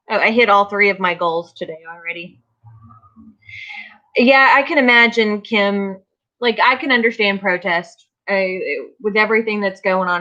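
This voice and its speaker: A tired, yawning woman hosting a casual livestream, chatting slowly and greeting viewers by name. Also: medium pitch, pushed and bright, muffled recording. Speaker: livestream host of a vinyl crafting channel.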